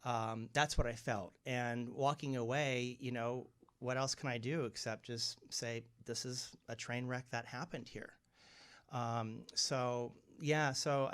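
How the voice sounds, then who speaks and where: A man with a medium-pitched voice tells stories in a relaxed interview. His delivery is animated, and he puts on the voices of people he quotes. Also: clean tone. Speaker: guest medium. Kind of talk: casual interview conversation.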